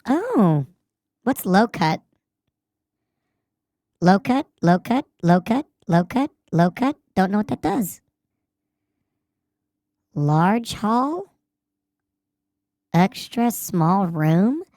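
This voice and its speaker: Slow-talking woman streamer, dry close mic. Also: medium pitch, sing-song, darkish tone, no room sound. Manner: curious, thinking aloud. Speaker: streamer voicing game characters. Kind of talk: casual stream chat and game voicing.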